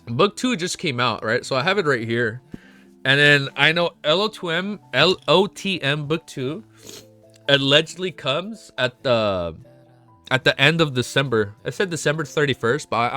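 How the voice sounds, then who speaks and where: Excitable young man streaming, lively pitch. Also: moderate pace, faint music behind. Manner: excitable, swears often, talks to chat. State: emotional, close to tears. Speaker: streamer reacting to a web novel. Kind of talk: casual live-stream chat.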